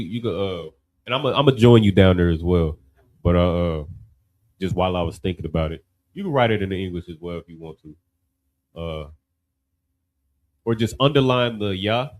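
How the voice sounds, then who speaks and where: A man's voice: deep voice, poor audio. A man teaching a class in a loose, conversational way, often asking "you know what I mean?".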